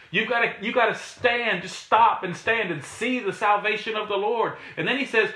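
A man's voice: sits high, sharp tone. A man preaching a sermon, emphatic and repetitive, building to exhortations. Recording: echoey room.

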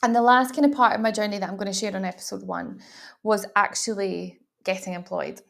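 A woman's voice: mid-range voice, steady tone, brisk, vocal fry. Chatty woman, mild Glaswegian accent. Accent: mild Glaswegian Scottish. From Glasgow, Scotland. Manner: rambling, chatty, with frequent laughs and restarts. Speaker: podcast host. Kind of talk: solo podcast monologue.

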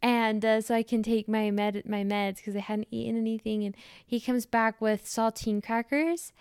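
A woman's voice: on the high side, steady tone, normal speed, darkish tone, smooth, no echo, studio quality. A young woman hosting a podcast, telling a story in a chatty way full of "like" fillers. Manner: chatty, many "like" fillers, laughs through story. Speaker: podcast host. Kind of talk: casual storytelling chat.

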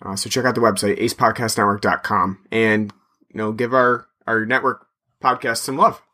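Bright-voiced chatty male podcaster. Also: on the low side, fairly even intonation, normal speed. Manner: chatty and meandering, plugs the show. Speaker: podcast co-host. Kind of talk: casual podcast chat.

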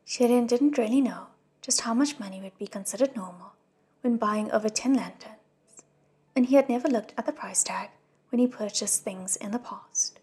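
A woman reading a novel aloud as an audiobook narrator, with a soft, hushed delivery. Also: a little high, moderate pace, breathy edge. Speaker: audiobook reader. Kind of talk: scripted narration.

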